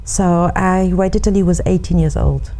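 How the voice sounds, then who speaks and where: Gravelly, dark-voiced middle-aged woman. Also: fairly low pitch, low-quality recording. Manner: reflective, measured, with fillers. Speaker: interviewee and author. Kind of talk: interview testimony.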